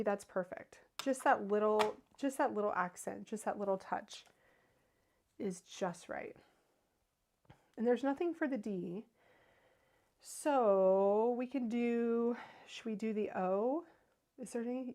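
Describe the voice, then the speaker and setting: A woman's voice: medium pitch, darkish tone. A woman in her thirties hosting a card-making livestream, chatting casually and answering viewer comments as she works. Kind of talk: casual crafting demo with viewer chat.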